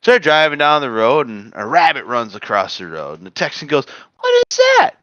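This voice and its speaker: A man co-hosting a casual podcast, telling a long joke in an animated way with stammered restarts. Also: mid-range voice, brisk, no echo. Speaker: podcast co-host. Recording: dull lo-fi dry podcast audio.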